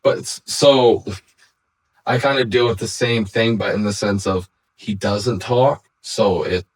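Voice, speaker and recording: A man's voice: lowish voice, measured pace, breathy edge, poor audio. A man and father in a casual podcast chat, asking probing questions and sharing his own experience. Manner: curious, asks probing questions.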